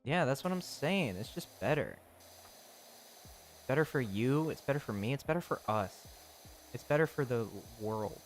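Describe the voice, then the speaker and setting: Playful guy streaming games, laughs a lot, mid voice, soft lo-fi music in the back. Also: mid-range voice, lively intonation, normal speed, long pauses. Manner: playful, jokey, reads chat aloud and laughs often. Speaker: game streamer. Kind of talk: casual live-stream chat. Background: faint lo-fi music.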